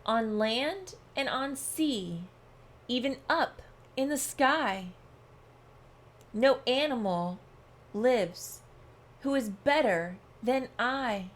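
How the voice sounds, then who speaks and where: A woman's voice: fairly high pitch, lively intonation, extremely slow, pauses often, exaggerated voice. A woman voicing a boastful male rabbit who snaps and brags, reading a storybook aloud. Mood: bragging. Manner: bragging, snappish. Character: boastful male rabbit proud of his ears.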